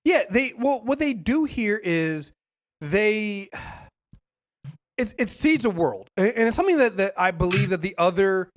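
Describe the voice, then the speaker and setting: A man with a slightly high voice talks through a casual podcast chat. He rambles and restarts his sentences often, and he swears freely as he goes. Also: very animated, measured pace. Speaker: podcast co-host.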